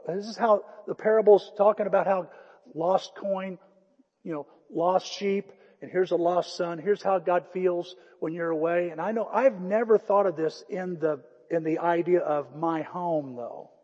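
A man preaching a sermon, retelling a story with lively acted-out dialogue and dropping to a hushed voice for emphasis. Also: high-pitched, unhurried. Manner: storytelling, swings from loud animated retelling to hushed quiet emphasis. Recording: muffled, long-reverb hall recording.

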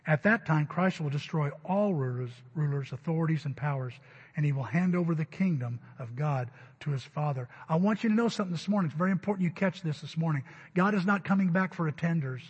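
Preaching quickly to his congregation, a pastor with a husky, fairly high voice hits key words with loud, emphatic stress. Each line rings out in a long reverb through the sanctuary, captured on a dull recording.

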